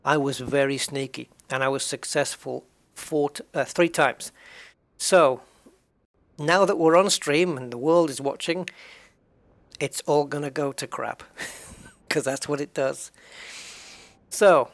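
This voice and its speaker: A man's voice: fairly high pitch, takes it slowly, long pauses. A tired English man chatting casually on a game livestream, greeting viewers by name with self-mocking jokes. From England. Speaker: streamer.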